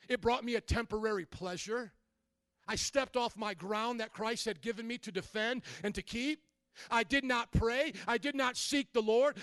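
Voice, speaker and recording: High-voiced man preaching a fiery sermon. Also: clean tone, no echo, studio quality. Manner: preachy and confrontational, swings from quiet confession to shouting. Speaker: pastor.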